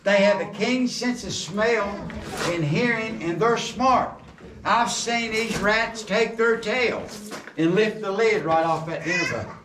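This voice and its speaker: A man's voice: sits high, unhurried. A middle-aged man, guiding a tour through a coal mine and telling jokes and stories in a folksy way. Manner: folksy joking storyteller. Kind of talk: guided tour talk. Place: underground mine tunnel. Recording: roomy echo, distant camera, background noise.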